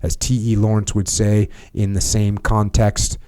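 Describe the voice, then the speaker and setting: A man hosting a podcast, reading book passages aloud and breaking off into animated commentary. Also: measured pace. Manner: deep voice, animated tangents, mimics bosses. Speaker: podcast host.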